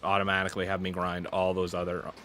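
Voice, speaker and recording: A man's voice: sits low, monotone, quick pace, bright, forceful tone, faint music behind. A male streamer giving frustrated live gameplay commentary, muttering, swearing and running himself down. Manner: exasperated, self-deprecating, swearing, muttering to himself. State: sweating in the heat. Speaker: gaming streamer.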